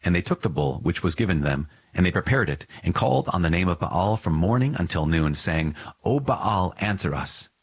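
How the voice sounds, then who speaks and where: A man reading scripture aloud in a measured, solemn narration. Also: low voice, animated, husky, no echo. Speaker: scripture reader.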